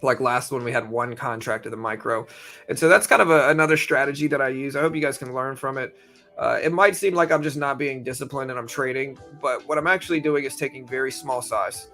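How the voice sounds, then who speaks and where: Soft music plays behind a young man with a medium-pitched, brisk voice who runs a live trading stream. Hiccuping throughout, he keeps things laid-back and meandering, full of fillers and repeated lines.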